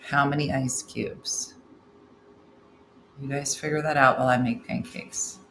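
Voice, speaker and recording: Kobieta w średnim wieku, żartobliwa pogawędka, pogłos pokoju. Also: female voice, extremely low pitch, fairly even intonation, fairly bright tone. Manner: chatty, wry, quick asides and laughs. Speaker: morning show host reading viewer comments. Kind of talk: casual live-stream chat. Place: room at home. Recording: roomy echo, faint room noise.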